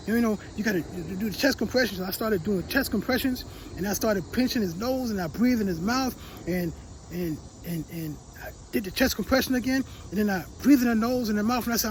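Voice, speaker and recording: High-voiced man telling a personal story. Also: quick pace, a little hiss or hum, rough recording. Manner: emotional, repeats words, drops to quiet, stumbles on restarts. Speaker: motivational speaker. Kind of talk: personal story, motivational talk.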